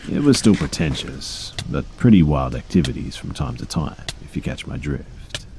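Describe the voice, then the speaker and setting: A man in his thirties narrating creepy true stories in a low-key, conversational way, with casual fillers and profanity. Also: sing-song, normal speed, mellow, slight background noise.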